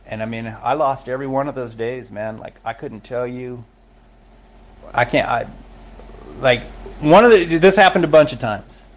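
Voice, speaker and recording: A man's voice: medium pitch, moderate pace, slight background noise. A middle-aged man, a podcast guest, telling his own story of recovery in a candid, emotional way, often laughing as he talks. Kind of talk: personal recovery story in conversation.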